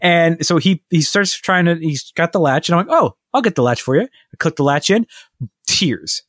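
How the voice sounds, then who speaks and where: A man's voice: on the high side, lively intonation, moderate pace, fairly bright tone, dry recording, studio quality. A man in his thirties co-hosting a podcast, telling a story in a rambling way, full of fillers and laughs. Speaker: podcast co-host. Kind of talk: casual chat.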